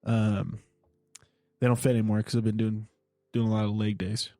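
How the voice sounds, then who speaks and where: Dude cohosting a chill comedy podcast, jokes around and laughs a lot, dry mic. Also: male voice, on the low side, little pitch movement, moderate pace, dark tone, no echo. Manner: joking, laughs often, riffs on ideas. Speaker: podcast co-host. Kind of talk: casual comedic chat.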